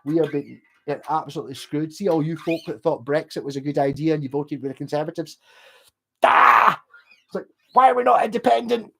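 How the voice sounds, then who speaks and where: A man's voice: fairly high pitch, fast talker, gravelly, hardly any pauses. A drunk man with a Scottish accent, hosting a casual late-night livestream, rambling and swearing as he rants to viewers. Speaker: livestream host.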